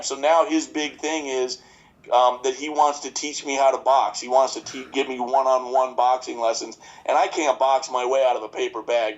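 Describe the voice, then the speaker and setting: A man's voice: mid-range voice, highs cut off. A man in his fifties, a chiropractor, talking casually in a podcast interview with many restarts and fillers. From New York. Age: 50s. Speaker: chiropractor guest.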